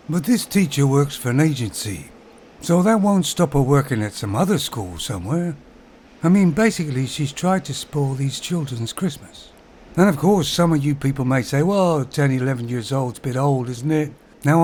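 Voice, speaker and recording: A man's voice: medium pitch, a little mellow, a little hiss or hum. A man with an English accent giving a sarcastic, ranting monologue to his viewers, chuckling at his own remarks. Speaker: vlogger. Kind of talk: opinionated monologue.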